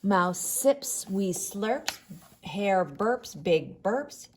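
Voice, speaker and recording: A woman reading a picture book aloud to children, expressive, dropping to a hush on the refrains. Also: mid-range voice, extremely slow, slight background noise. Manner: expressive, with hushed whispered refrains. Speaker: storyteller.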